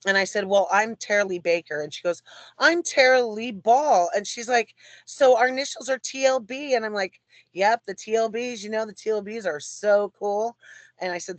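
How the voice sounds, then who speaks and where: A talkative woman guest telling a story in an animated way and laughing often. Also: mid-range voice, fairly quick, no echo. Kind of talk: storytelling chat.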